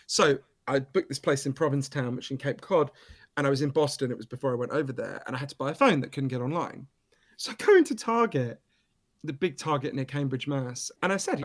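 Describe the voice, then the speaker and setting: A British man, an author being interviewed, telling stories in an animated, emphatic way and swearing casually. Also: medium pitch, fast. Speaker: author and guest. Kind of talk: storytelling interview.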